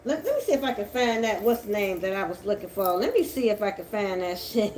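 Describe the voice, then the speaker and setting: A woman doing a tarot reading, talking in a profane, confrontational way that swings from a low mutter to shouting. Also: animated, fast talker, hardly any pauses, slight background noise. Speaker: tarot reader. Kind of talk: angry tarot reading monologue.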